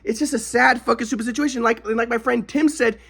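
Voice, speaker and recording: Very high-pitched yet fairly even, his voice runs a little fast and sounds creaky, pushed, and bright over slight background noise in an echoey room. The vlogger rambles agitatedly about his own life, cursing a lot and restarting his sentences.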